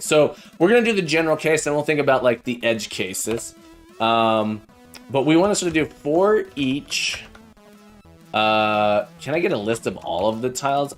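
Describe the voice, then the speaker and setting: Friendly man thinking aloud while coding. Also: mid-range voice. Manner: halting, full of fillers and restarts; friendly, chatty with viewers. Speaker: live coding streamer.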